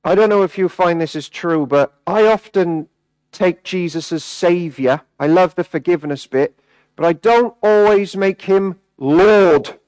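A man preaching a sermon, emphatic, dropping to hushed words and then rising again. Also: high-pitched, measured pace, no echo, poor audio. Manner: emphatic, swinging between hushed and raised.

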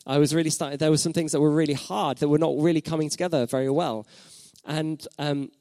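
This thirties-aged pastor talks fast in a steady, dark-toned voice that is nonetheless fairly high for a man. His sermon is reflective, full of questions to the listeners and repeated phrases, and it's recorded close and dry with no echo.

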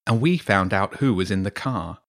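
Curt schoolboy hero, read by a man, low, clipped and snappy. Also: expressive, normal speed, a bit bright. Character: stubborn, short-tempered schoolboy.

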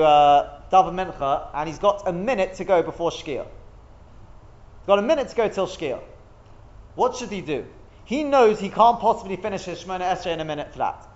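High-voiced man teaching a Talmud class. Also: lo-fi sound. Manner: explains step by step, thinks aloud, asks rhetorical questions.

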